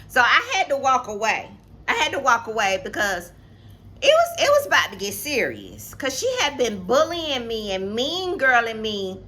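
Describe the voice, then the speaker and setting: Animated woman telling a story. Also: on the high side. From Atlanta, Georgia, US. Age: 50s. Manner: emphatic, repeats phrases, talks straight to viewers. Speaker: co-host. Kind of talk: casual storytelling vlog.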